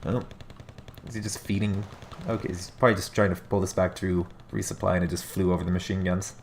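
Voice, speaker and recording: His voice is low and level, a little fast and a little mellow, with vocal fry and a slight hiss or hum in the audio. The man is casting a strategy game replay in an easygoing way, nasal and congested from allergies, pondering aloud and correcting himself live.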